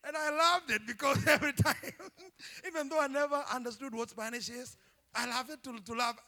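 A man preaching a sermon as pastor, animated and humorous, often shouting and laughing. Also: very high-pitched, brisk. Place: church.

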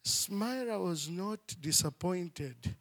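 A preacher telling a story in an animated manner, with frequent "you know" and "I mean". His voice is high and gravelly with a bright, forceful tone. He takes his time and speaks slowly. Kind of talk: sermon storytelling.

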